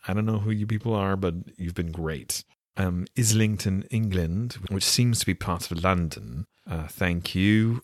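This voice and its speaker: Man, West Coast Canadian accent, podcast host, low voice, animated intonation, jokey. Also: unhurried, no echo, studio quality. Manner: jokey, self-deprecating, playful. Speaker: podcast host and audiobook reader. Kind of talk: casual chat.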